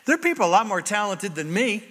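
Male pastor, high lively voice, bright tone, jokey sermon delivery. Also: fast talker. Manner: animated, jokey, acts out quoted voices. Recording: echoey hall.

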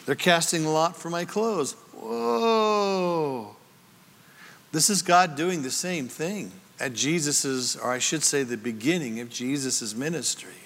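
A man preaching an expository Bible teaching sermon, swinging from booming scripture reading to quiet asides. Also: animated, measured pace, big-room sound. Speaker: pastor.

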